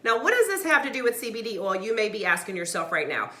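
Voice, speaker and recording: A woman's voice: medium pitch, sing-song, fast talker, pushed and bright, slight background noise. A woman ranting emphatically on a live stream, addressing viewers as y'all and checking in with "right?" and "okay?". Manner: fired-up, emphatic, keeps asking "right?" and "okay?". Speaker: mother; CBD oil seller vlogger. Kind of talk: live-stream rant to viewers, reading comments. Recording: echoey room.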